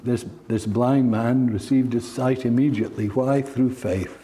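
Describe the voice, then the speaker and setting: A man's voice: medium pitch, fairly even intonation, a little slow, warm tone, slight background noise. A man preaching a sermon, telling stories in an earnest, heartfelt way.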